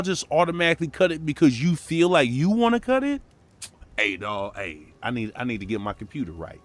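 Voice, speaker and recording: Profane streamer with a Brooklyn-tinged accent. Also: male voice, on the high side, fairly quick. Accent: Brooklyn-tinged American English. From born in New York, raised in Minneapolis. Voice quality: loose, profane slang. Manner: animated, shouting out viewers. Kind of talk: casual stream chat.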